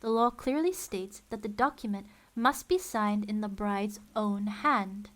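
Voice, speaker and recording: A woman voicing a kind female judge who speaks gently and carefully. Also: medium pitch, a little slow, natural voice.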